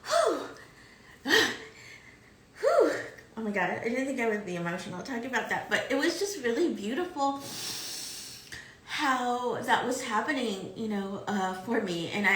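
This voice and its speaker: Woman with a bright voice, halting and repeating herself, echoey room. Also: on the high side. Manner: halting, repeats words, sighs and tears up. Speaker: podcast co-host. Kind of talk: casual spiritual conversation.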